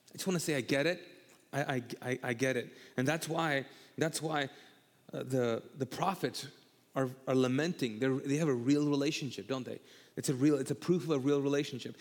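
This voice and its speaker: Pastor guy, animated, keeps repeating himself, kinda high voice, big reverby church hall. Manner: animated, repeats phrases, acts out quotes. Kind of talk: sermon. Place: church auditorium.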